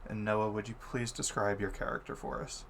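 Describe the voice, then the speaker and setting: A man hosting and narrating a tabletop game as game master, playful and relaxed. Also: on the low side, normal speed, slight background noise.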